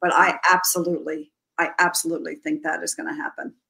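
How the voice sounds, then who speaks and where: Lower-voiced woman guest telling a story. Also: flat delivery, fast, creaky, pushed and bright, rough recording. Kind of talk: casual interview chat.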